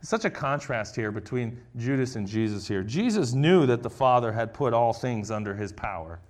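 A man preaching a conversational sermon, reading scripture and acting out the quoted lines. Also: mid-range voice.

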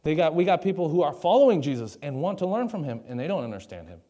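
A man's voice: on the high side, very animated, fast, warm tone. A young man preaching a conversational sermon to a live congregation on a stage mic, with jokey asides and questions to the audience. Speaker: pastor.

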